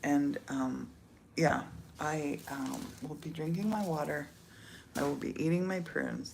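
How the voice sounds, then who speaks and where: A woman's voice: low-pitched, measured pace, vocal fry, background noise. A middle-aged woman from the United States chatting casually, laughing often and slipping into whispers. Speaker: vlogger. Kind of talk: casual chat.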